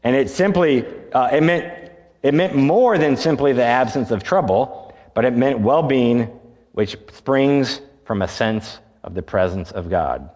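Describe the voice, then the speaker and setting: A man preaching a sermon in a relaxed, conversational way, asking rhetorical questions and answering them himself. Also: medium pitch, unhurried, big-room sound. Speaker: pastor.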